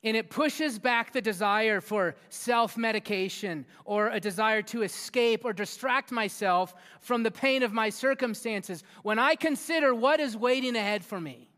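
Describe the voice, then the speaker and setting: A man preaching a sermon as a youth pastor in a church hall, energetic and interactive, often asking the audience questions. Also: high-pitched, normal speed, hardly any pauses. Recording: long hall reverb with faint music.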